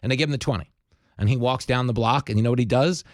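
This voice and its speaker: A man's voice: medium pitch, fast, dry recording, studio quality. A man hosting an opinion podcast, talking emphatically and telling stories with energy. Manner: emphatic, animated storytelling. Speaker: podcast host. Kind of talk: opinion commentary.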